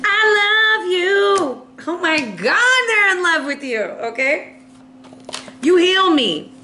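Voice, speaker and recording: A high-pitched woman giving a playful, chatty tarot reading, acting out quick voices for the cards. She laughs often and coughs now and then. The room is echoey, with a faint hum behind her. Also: very animated, bright, forceful tone. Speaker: tarot reader.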